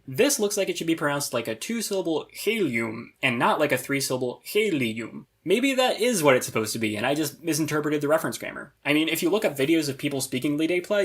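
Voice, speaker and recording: A man reads a scripted review in a slightly husky, fairly high voice. His pitch rises and falls with animated intonation. He stays analytical, with dry, wry asides. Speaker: conlang reviewer.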